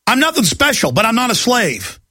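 A man's voice: very high-pitched, huge pitch swings, brisk, bright, forceful tone, dry recording. A middle-aged man hosting a talk radio show, ranting in a heated, agitated monologue.

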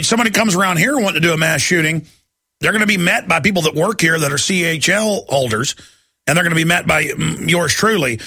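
A male talk radio host with a gravelly, bright edge and a fairly high voice. He rants in a combative, rapid-fire way. The studio sound is dry and close. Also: dry recording. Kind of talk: heated call-in radio talk.

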